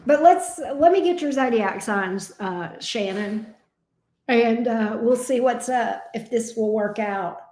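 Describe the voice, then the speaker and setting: Woman tarot reader, slow drawling livestream chat, roomy echo. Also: fairly high pitch, mellow. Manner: drawling and affectionate, sleepy, calls viewers love bug and honey. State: sleepy.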